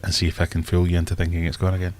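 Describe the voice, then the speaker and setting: A man's voice: low-pitched, completely flat delivery, rapid-fire, slight background noise. A Scottish man hosting a casual fish-keeping live stream, rambling and joking at himself as he thinks aloud. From Scotland. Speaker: aquarium channel host.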